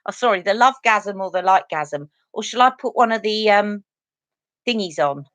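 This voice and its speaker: A woman's voice: medium pitch, expressive, moderate pace, fairly bright tone, no echo. Chatty woman on a live stream. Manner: chatty, earnest, talks to viewers directly. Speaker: beauty channel host. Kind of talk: casual live-stream chat.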